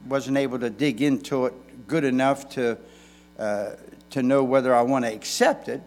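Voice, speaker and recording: A man's voice: medium pitch, a little mellow. A man pastor preaching a sermon in a folksy way, with emphatic stresses and frequent restarts.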